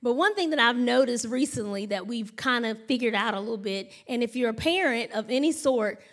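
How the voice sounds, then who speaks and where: High-voiced chatty woman preacher. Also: fairly quick. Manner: chatty, animated storytelling with laughs and acted-out noises; addresses the congregation as y'all and honey. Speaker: pastor. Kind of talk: sermon.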